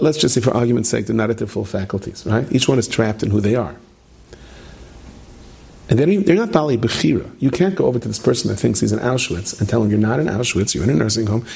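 A man gives a storytelling sermon in a dark, gravelly voice with a husky grain. He stumbles over repeated words and slips in dry humorous asides. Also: medium pitch, quick pace. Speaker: speaker giving a religious talk. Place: stage with plexiglass screen.

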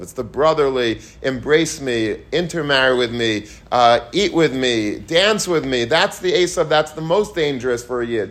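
A man teaching the weekly Torah portion, earnest and repetitive, asking rhetorical questions and mixing in Hebrew and Yiddish terms. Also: on the high side. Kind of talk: Torah lecture.

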